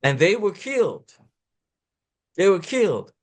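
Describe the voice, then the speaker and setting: Fast, preacherly man discussing scripture. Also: high-pitched, very animated. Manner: preacherly, quoting scripture with emphatic swings; talks fast at times.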